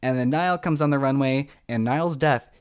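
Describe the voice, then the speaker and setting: A young man hosting a podcast, recapping reality shows in a casual, excitable and dramatic way. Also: mid-range voice, normal speed, clear, resonant tone. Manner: excitable, dramatic, acts out quotes. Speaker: podcast host.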